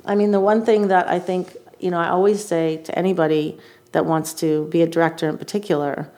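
A woman's voice: lowish voice, darkish tone. A woman TV director chatting candidly as a podcast guest, talking in fits and starts with many fillers. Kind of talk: casual podcast chat.

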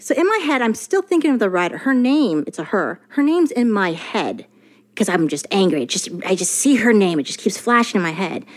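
Lively, profane woman telling a story. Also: medium pitch, brisk. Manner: animated, profane, restarts sentences. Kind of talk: casual anecdote telling.

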